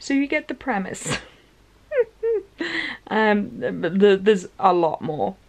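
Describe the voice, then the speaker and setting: A woman's voice: mid-range voice, slow pace. A woman, telling a story to camera in a chatty vlog, laughing often as she goes. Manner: chatty, animated retelling with frequent laughs. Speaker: vlogger.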